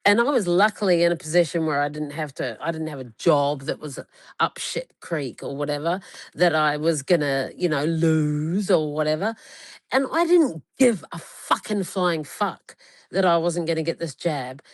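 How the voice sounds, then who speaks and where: Woman in her forties, casual chat host, blunt and profane, lower-pitched for a woman, dry close sound. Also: normal speed, no room sound. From Australia. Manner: heavily profane, emphatic storytelling.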